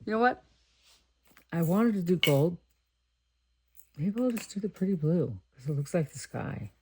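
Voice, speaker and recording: A woman's voice: on the low side, very animated, a little slow, dark tone, slight background noise. A middle-aged woman from Texas chatting casually and thinking aloud while she makes greeting cards. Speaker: card-making crafter. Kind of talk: casual crafting chat.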